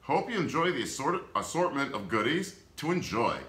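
A man's voice: mid-range voice, big pitch swings, normal speed, a bit bright. A man voicing a cheerful male puppet co-host who reads letters aloud and laughs easily. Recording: echoey room.

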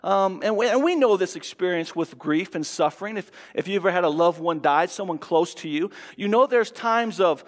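In a church sanctuary with long hall reverb, a pastor preaches a sermon in a high-pitched, animated voice. He talks conversationally at a moderate pace with few pauses, often restarting and acting out quotes.

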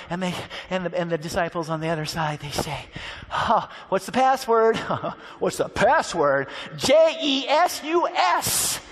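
A man's voice: high-pitched, a bit bright. A man preaching a storytelling sermon, dramatic and acting out the characters' voices.

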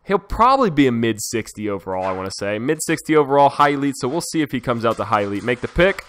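A young man giving casual commentary over a hockey management game, talking to his viewers and swearing freely when excited. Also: medium pitch, fast talker. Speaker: gaming YouTuber. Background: dog heard in cage.

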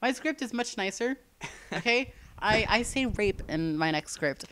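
A man's voice: high-pitched, animated, measured pace, sharp tone, a little hiss or hum. A man chatting casually in a fan commentary, teasing and rambling with lots of filler words. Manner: joking, teasing, rambling with many "like"s. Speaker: co-host of fan series commentary.

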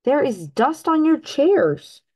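A woman voicing a sensible male frog from a storybook, listing chores in a matter-of-fact, gently scolding way. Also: high voice, big pitch swings, takes it slowly, voice pushed up, exaggerated voice. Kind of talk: read-aloud storybook voice.

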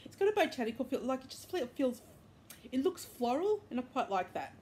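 A woman's voice: high-pitched, big pitch swings, fairly quick, darkish tone, slight background noise. A woman hosting a crochet podcast, chatting casually and enthusiastically at home, rambling with fillers and self-corrections. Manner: enthusiastic, upbeat. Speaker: crochet and knitting podcast host. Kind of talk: casual show-and-tell chat. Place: indoors at home, bedroom.

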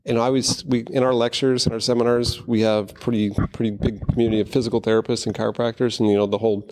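Man, quick and gravelly, animated storyteller acting out quotes, casual interview guest. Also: medium pitch, slight background noise. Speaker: guest, golf fitness founder.

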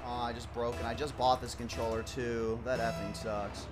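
A man ranting at a video game as he plays, swinging from low muttering to furious yelling and swearing constantly. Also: little pitch movement, normal speed. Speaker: gamer streaming his play. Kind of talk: live gameplay rant. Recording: loud music over the voice.

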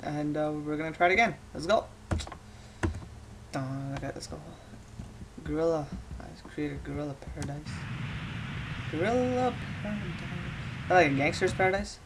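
A woman's voice: sits low, moderate pace, pauses often, noisy background. Joking woman doing game commentary. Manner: joking, loud exclamations. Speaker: let's play commentator. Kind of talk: gameplay commentary.

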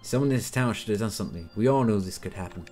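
A man's voice: on the low side, animated, fast talker, a little mellow, close to an everyday voice. A man voicing a laid-back, friendly male small-town mechanic in a put-on American accent, calling everyone man, with faint music behind. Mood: grave. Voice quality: casual drawl, calls everyone man.

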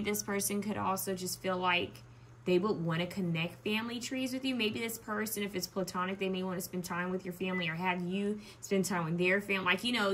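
A woman's voice: mid-range voice, a bit bright, a little hiss or hum. A young woman giving a pick-a-card tarot reading, musing aloud with frequent restarts and ums. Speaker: tarot reader.

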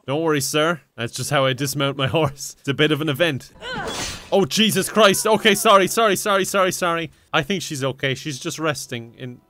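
A man's voice: fairly high pitch, fairly quick, sharp tone, slight background noise. A young man giving chaotic, mischievous gameplay commentary. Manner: chaotic, mischievous, frequent laughter. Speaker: gaming YouTuber.

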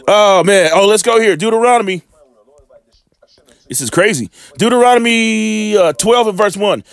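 A man's voice: high voice, animated, a little slow, vocal fry, long pauses, no room sound. A man reading scripture aloud and preaching informally. He talks fervently and often stumbles over his words.

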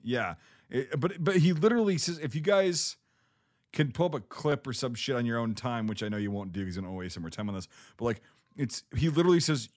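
A man chats on a casual podcast in an animated, mocking way and swears freely. His pitch swings widely as he talks. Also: fast.

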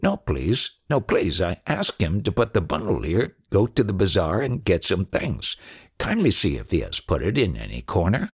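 A man's voice: sits low, big pitch swings, normal speed, slightly rough, exaggerated voice. A man voicing a scheming wandering holy man in an audiobook, bossy and cunning. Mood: pleading. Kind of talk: audiobook reading.

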